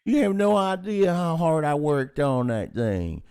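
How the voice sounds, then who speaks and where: A man voicing a rowdy, crude Southern redneck with a loud drawling Southern accent, playful and teasing. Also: on the high side, sing-song, unhurried, smooth.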